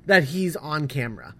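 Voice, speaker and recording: Lively, bright-voiced podcast co-host. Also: mid-range voice, breathy edge. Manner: lively, laughs often, acts out scenes in bursts. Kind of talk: casual fan podcast chat.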